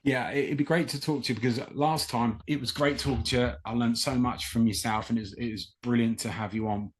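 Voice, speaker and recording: A man hosting a podcast, welcoming his guest back and asking questions in a slow, hesitant way. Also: medium pitch, fairly even intonation, husky. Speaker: podcast host. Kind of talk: podcast interview.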